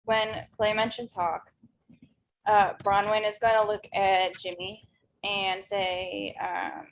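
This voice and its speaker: A woman's voice: mid-range voice, level tone, slow pace, a little hiss or hum, poor audio. A woman playing a tabletop game, explaining things matter-of-factly. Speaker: player.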